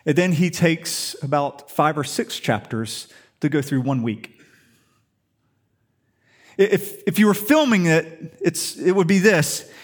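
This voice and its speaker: A man's voice: on the high side, animated, slow pace. A man preaching a sermon in an emphatic storytelling way, full of rhetorical questions. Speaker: pastor.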